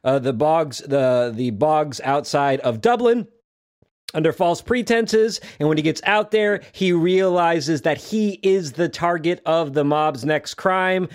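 A man on a podcast sums up a book casually, pausing often with "uh". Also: a little high. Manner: halting, fills pauses with "uh". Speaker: podcast co-host. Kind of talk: casual chat, summarizing a book.

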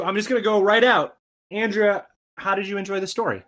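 A podcast host with a lively, swooping voice steers a casual discussion. The host teases the others and fires off questions. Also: medium pitch, fast talker. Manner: teasing, lively, asks questions. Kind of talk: casual chat, leading discussion.

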